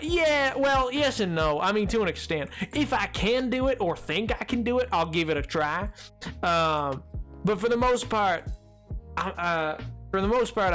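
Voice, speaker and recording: A man's voice: high-pitched, fairly bright tone. A young man streaming a game, chatting casually with his viewers in a rambling way full of restarts. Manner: rambling, talks to chat, many restarts and fillers.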